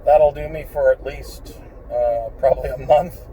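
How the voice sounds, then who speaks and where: A man with a mellow, dark voice rambles bluntly and swears freely while driving. He sounds a little far from the mic inside his car, and a faint engine hum runs underneath. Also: mid-range voice, fairly even intonation, measured pace. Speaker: vlogger.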